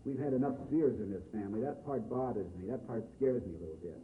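A man doing a blunt, low-voiced young brother. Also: fast, far from the mic, lightly acted. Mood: earnest. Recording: echoey, phone-like, faint hiss.

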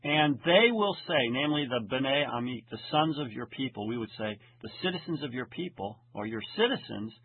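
A man teaching the Hebrew grammar of scripture as a lecture, reading Hebrew phrases slowly and checking in with his listeners. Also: mid-range voice, lively intonation. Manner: slow deliberate reading of Hebrew phrases, frequent "okay?" check-ins. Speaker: Bible teacher. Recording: husky voice over tinny phone-like line.

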